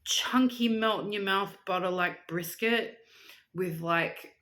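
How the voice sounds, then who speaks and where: A young woman vlogger chatting casually while reading out viewer shoutouts, playful and rambling. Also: mid-range voice, takes it slowly. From Australia. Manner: chatty and playful, with silly asides and rambling tangents.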